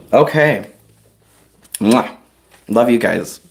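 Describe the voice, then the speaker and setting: A man giving a live-streamed tarot reading, chatty and soft-spoken, talking straight to his viewers and getting choked up at times. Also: lowish voice. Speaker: tarot reader. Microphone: on-camera livestream mic.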